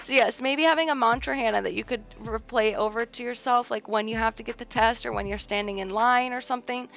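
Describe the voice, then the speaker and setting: A woman's voice: a little high, a little fast, vocal fry, fairly bright tone. A young woman hosting a livestream, chatting casually and reassuringly with viewers, with lots of fillers. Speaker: livestream host. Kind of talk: casual chat reading viewer comments. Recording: muffled lo-fi stream audio with faint music. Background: faint background music.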